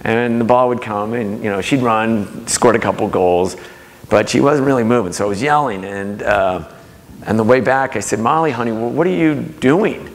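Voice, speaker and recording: Brief: middle-aged male speaker, low voice, anecdotal storytelling, long reverb. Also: moderate pace. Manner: warm anecdotal storytelling, acting out quoted voices. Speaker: speaker giving a talk. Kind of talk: storytelling talk to an audience.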